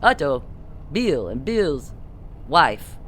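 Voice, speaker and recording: An audiobook narrator voicing a reckless, giddy male Soviet spy with a Russian accent and an excitable, theatrical delivery. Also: mid-range voice, very slow, slight background noise, full character voice.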